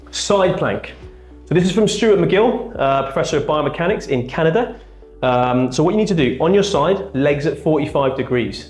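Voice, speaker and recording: A man, a chiropractor, explaining and demonstrating back exercises in a treatment room. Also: a little high. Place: treatment room with a firm bed. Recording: echoey room, faint music.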